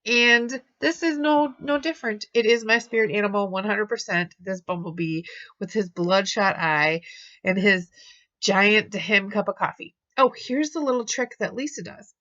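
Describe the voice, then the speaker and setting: Woman host, crafting voice-over, chatty and enthusiastic, mid-pitched voice, slightly muffled home recording. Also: moderate pace, bright, forceful tone. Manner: chatty and enthusiastic, with fillers and restarts. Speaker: card-making channel host.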